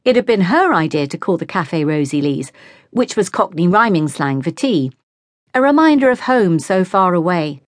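A woman narrating a teen novel as an audiobook, reading at an even storytelling pace into a close studio mic. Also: fairly low pitch, moderate pace, no room sound. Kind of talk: scripted narration.

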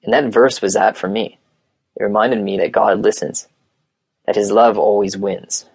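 A man's voice: on the low side, flat delivery, moderate pace, vocal fry, darkish tone, husky, no echo. A man voicing a sincere young man who survived cancer, speaking in an earnest, heartfelt way.

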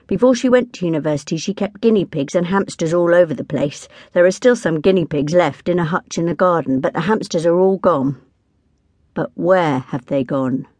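A woman narrating a children's audiobook in a lively, expressive first-person storytelling manner. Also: fairly low pitch, normal speed, no echo.

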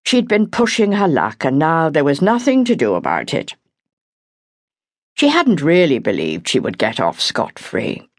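Woman reading a romance audiobook, very lively pitch, dry close sound. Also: no room sound. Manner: expressive, measured storytelling. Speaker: audiobook narrator. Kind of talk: scripted narration.

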